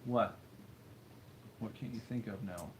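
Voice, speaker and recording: A man's voice: on the low side, takes it slowly, soft background music. A man co-hosting a live stream, chatting casually and dryly while gaming. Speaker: streamer co-host.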